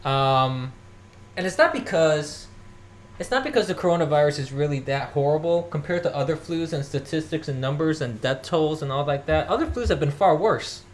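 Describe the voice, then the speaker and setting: With lively intonation and a mid-range voice at normal speed, a podcast host rants through solo political commentary over a faint hiss or hum. Scoffing, mocking others through imitation and coughing occasionally, they move about the house tidying.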